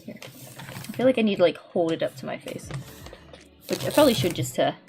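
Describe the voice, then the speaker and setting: Chatty young woman with a lower voice. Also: expressive, fairly quick, vocal fry, a little mellow, soft background music. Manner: rambling and chatty, many "like"s and restarts. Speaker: VTuber streamer. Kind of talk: casual chat while painting on stream.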